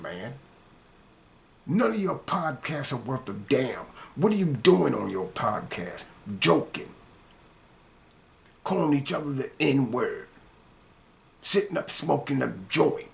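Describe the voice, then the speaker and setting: An older man delivering an angry, scolding monologue rant, repeating himself and dropping to low mutters between heated outbursts. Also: creaky. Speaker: commentator ranting to camera.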